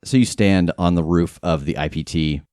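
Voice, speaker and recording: Deep-voiced man narrating as game master. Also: moderate pace, darkish tone, no echo, studio quality.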